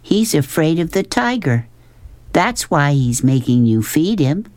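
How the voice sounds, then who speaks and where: A man voicing a fierce, sharp-tongued young girl who speaks bluntly and defiantly. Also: a little high, sing-song, a little slow, dry recording, voice pushed up. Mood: knowing.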